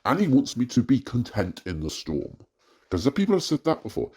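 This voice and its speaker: A man's voice: medium pitch, big pitch swings, moderate pace, a little mellow, slightly rough. A distressed man recording an anonymous personal rant, hesitant with many fillers and breaking into agitated outbursts. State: distressed and frustrated. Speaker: anonymous poster venting about family life.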